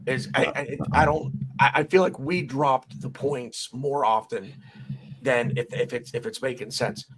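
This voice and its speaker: A man hosting a football chat whose voice is a bit off from a bug. He talks haltingly and often restarts, with a playful streak. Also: medium pitch. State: voice slightly off from a bug.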